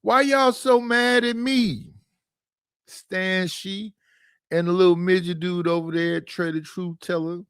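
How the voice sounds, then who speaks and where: A man's voice: sits high, steady tone, slow, a bit bright, clean tone, no echo, clean studio sound. Exasperated man ranting on a livestream. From Oakland, California. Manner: exasperated, rhetorical, profane. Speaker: livestream host. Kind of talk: casual livestream rant. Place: his living room.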